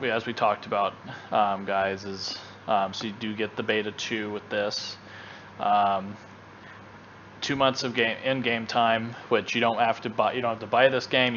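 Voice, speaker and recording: A man with a fairly low voice co-hosts a gaming show in loose, casual chat. He rambles and restarts his sentences often. The recording is dull and lo-fi. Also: a bit bright, a little hiss or hum. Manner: rambling, with many fillers and restarts. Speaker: gaming channel co-host.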